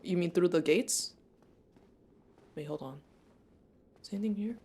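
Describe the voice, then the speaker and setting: A young woman streaming a game live, reacting excitably and laughing often as she plays. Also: on the low side, unhurried, husky. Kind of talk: live gameplay commentary.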